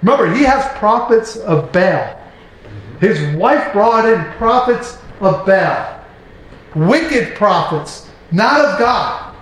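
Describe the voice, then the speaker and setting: A man's voice: high-pitched, very animated, takes it slowly, fairly bright tone. Man reading scripture in an echoey room. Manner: reads scripture aloud, then breaks in with casual asides. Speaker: Bible teacher. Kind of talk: informal Bible reading and commentary.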